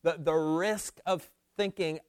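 A man's voice: on the high side, fairly even intonation, takes it slowly, smooth, dry recording, studio quality. A man preaching a sermon to his congregation, pressing points home by repeating key phrases, with frequent restarts. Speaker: pastor.

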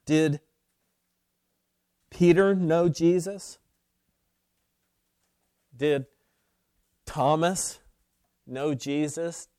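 A man's voice: on the high side, mellow, no echo, clean studio sound. A man preaching a sermon, opening with prayer and building to emphatic, rising points. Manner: slow, deliberate preaching that builds to emphatic peaks. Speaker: pastor.

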